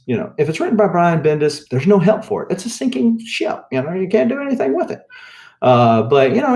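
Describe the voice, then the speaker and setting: A man with a Southern US accent hosts a comic book show in casual chat, rambling with lots of fillers, restarts and wry, opinionated jokes. His voice is on the low side and darkish.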